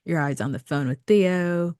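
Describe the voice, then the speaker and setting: A woman co-hosting a podcast, recapping a romance novel in relaxed casual chat with dry asides. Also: on the low side, normal speed, smooth, no room sound. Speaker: podcast co-host.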